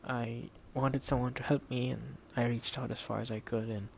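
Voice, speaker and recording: A man narrates an audiobook at a steady, measured pace. His mid-range voice carries a gravelly texture, and he keeps the characters' lines quiet rather than theatrical. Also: mid-range voice, a little hiss or hum.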